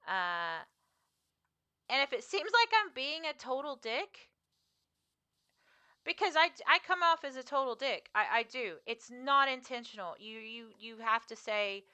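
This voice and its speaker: A woman's voice: sits high, animated, a little slow, pushed and bright, smooth, no room sound. A young woman streamer chatting casually with her viewers while she plays, rambling with frequent fillers and laughs. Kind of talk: casual live-stream chat while gaming.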